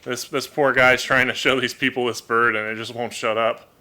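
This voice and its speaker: A man's voice: mid-range voice, flat delivery, moderate pace, pushed and bright, a little hiss or hum. A man chatting casually on a live stream from his home at a desk microphone, talking about his birds, often repeating words as he thinks. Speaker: livestream host and toucan keeper. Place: home room.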